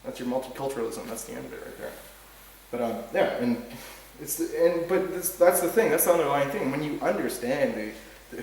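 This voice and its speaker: A man's voice: mid-range voice, a little hiss or hum. A man hosting a talk show, talking in a heated, rambling way, often restarting words and swearing. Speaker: podcast host. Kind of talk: casual ranting monologue. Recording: very echoey room, distant mic.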